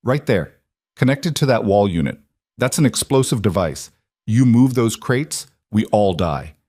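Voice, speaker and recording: A man voicing a sharp, urgent woman combat trainer in an audio crime story, giving warnings. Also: lowish voice, lively intonation, unhurried, no echo.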